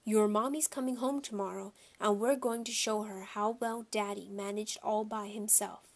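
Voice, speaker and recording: A woman's voice: mid-range voice, fairly even intonation, normal speed, close to an everyday voice. A woman doing a hearty bumbling dad. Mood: firm. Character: cheerful bumbling dad, sure of himself.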